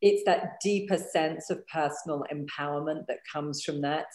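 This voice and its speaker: A woman's voice: low-pitched, moderate pace, darkish tone. A woman hosting a podcast interview, talking in an affirming, encouraging way. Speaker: podcast host. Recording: echoey room.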